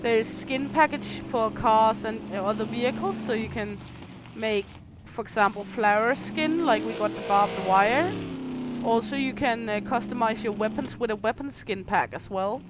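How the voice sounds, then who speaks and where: Young adult woman streamer, danish first language, fairly high voice, explains gameplay over loud game noise. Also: normal speed. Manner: explaining game features, listing items. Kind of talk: gameplay livestream commentary. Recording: noisy game audio behind.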